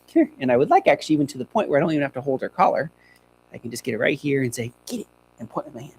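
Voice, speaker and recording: A man's voice: medium pitch, sing-song, racing, darkish tone, rough recording. A young man who trains dogs, demonstrating on a live stream in a chatty, upbeat way and talking to his dogs as he goes. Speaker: dog trainer. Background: faint hum.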